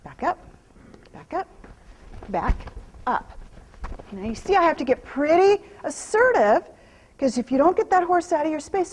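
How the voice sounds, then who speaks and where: High, lively, husky-voiced woman horse trainer. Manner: coaxes the horse with soft repeated praise; alternates firm commands with calm explanation to viewers. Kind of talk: hands-on training demonstration.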